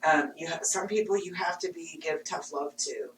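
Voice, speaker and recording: A woman's voice: deep voice, normal speed. A woman in her fifties, an intuitive reader and healer, talking frankly and animatedly in a casual chat, laughing often. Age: 50s. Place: studio room. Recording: roomy, distant mic, faint hum.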